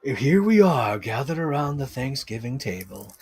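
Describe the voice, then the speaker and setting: A man chatting casually on a live stream about his toy collection, excitable and rambling, swearing freely. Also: medium pitch, a little fast, hardly any pauses, a little hiss or hum.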